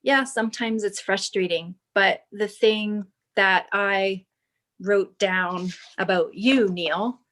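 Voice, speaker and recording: A woman in her thirties speaks at an unhurried, careful pace, her voice sitting in an ordinary middle register. She talks through her experience in a relaxed, conversational way and now and then reads from notes. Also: medium pitch. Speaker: client giving a testimonial. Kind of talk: casual video call chat.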